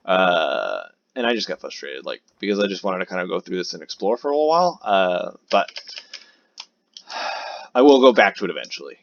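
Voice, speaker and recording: Man in his own casual voice, lively and rambling, talking over a game; muffled lo-fi audio. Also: low voice, brisk, creaky, a little hiss or hum. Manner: rambling, chatty, many fillers. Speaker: new content creator. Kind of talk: casual gameplay commentary. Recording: dull lo-fi recording.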